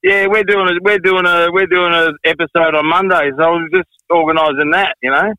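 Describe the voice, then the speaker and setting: A man's voice: fairly high pitch, fairly even intonation, fairly quick, pushed and bright, no echo, low-quality recording. A man, a drummer, chatting as a guest on a radio show in a laid-back, joking way. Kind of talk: casual radio interview.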